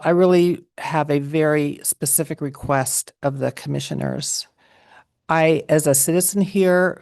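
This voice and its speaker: Low gravelly woman giving a formal comment. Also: darkish tone. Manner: measured, formal, precise. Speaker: public commenter. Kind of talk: prepared public comment. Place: public meeting hall.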